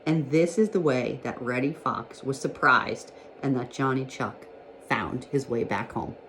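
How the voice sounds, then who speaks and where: Woman, teacher, low voice, storybook read-aloud, gentle and expressive. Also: a little slow, a little hiss or hum.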